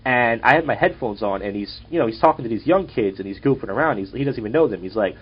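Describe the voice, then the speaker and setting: A man's voice: medium pitch, expressive, quick pace, breathy edge. A young man, hosting a casual podcast and telling rambling, profane stories. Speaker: podcast host and comedian. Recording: dull lo-fi audio.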